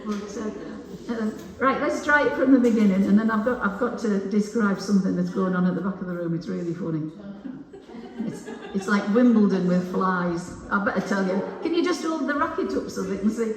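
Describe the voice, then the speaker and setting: A woman's voice: medium pitch, brisk, far from the mic. An older woman from England leads a singing group, chatting, joking and teaching songs line by line into a microphone. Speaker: singing session leader. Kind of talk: leading a group singalong. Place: large echoey hall. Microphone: microphone on a stand. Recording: echoey hall with long reverb.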